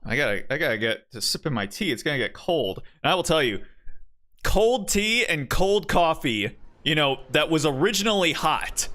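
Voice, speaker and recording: A man's voice: a little high, sing-song, normal speed, bright, forceful tone. A young man streaming a game, chatting casually in a laid-back, rambling way. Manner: rambling, laid-back, with many fillers and restarts. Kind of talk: casual chat while gaming.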